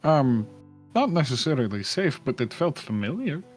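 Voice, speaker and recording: A man's voice: mid-range voice, big pitch swings, moderate pace, faint music behind. Hesitant man playing a tabletop game. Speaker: player. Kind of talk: casual tabletop game chat.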